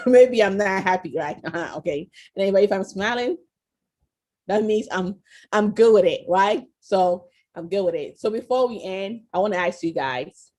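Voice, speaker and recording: A woman's voice: medium pitch, darkish tone. A woman presenting an interactive online class over a video call. She is encouraging and keeps quizzing her listeners, asking "okay?" and "right?". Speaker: virtual tour presenter.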